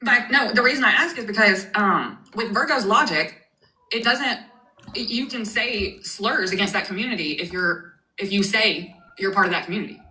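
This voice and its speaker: A woman's voice: mid-range voice, normal speed, sharp tone, reverberant, rough recording. A woman hosting a live stream in casual chat, frank and chatty, swearing now and then.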